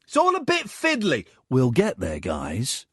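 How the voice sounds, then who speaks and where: A man's voice: medium pitch, wildly swooping pitch, unhurried, fairly bright tone, slightly rough, no room sound. Guy hosting late night radio, chatty and flustered, voice jumps all over, dead dry studio mic. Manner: chatty, flustered by tech, jokey. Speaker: radio host. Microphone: studio microphone.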